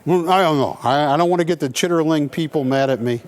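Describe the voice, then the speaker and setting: A man hosting a live coin shopping broadcast, pitching coins with playful, joking salesman banter. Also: fast. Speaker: coin sales show host.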